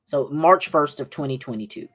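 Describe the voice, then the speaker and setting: A man's voice: on the high side, animated, moderate pace, fairly bright tone. A man with a Southern accent hosting a political livestream podcast, combative and repeating "right?" again and again. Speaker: podcast host.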